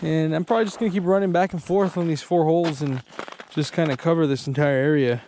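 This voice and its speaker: A man in his twenties filming himself ice fishing outdoors, talking excitedly and saying "dude" all the time. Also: fairly high pitch, fast talker, slight background noise. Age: 20s. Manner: excitable, says "dude" constantly. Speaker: fishing vlogger. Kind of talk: excited outdoor vlog commentary. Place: outdoors on a frozen lake.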